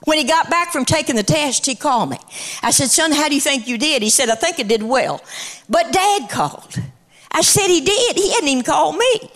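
A middle-aged woman preacher delivering a sermon in a rhythmic cadence that builds to shouts, then shifts into storytelling. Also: high voice, lively intonation, moderate pace.

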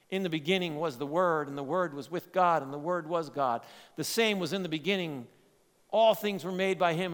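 A man preaching a sermon, swinging between loud emphatic lines and quiet, low asides. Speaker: pastor. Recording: long hall reverb.

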